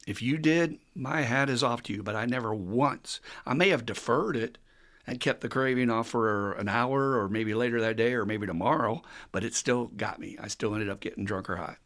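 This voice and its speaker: A man hosting a recovery podcast, talking casually and teaching with animated stories. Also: medium pitch, normal speed. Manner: animated storytelling with acted quotes and frequent laughs. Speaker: recovery counselor and podcast host.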